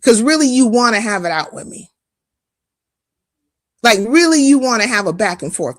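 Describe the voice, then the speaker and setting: A woman's voice: on the high side, big pitch swings, moderate pace, long pauses, dry recording. Profane, confrontational woman live-streamer. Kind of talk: heated live-stream rant.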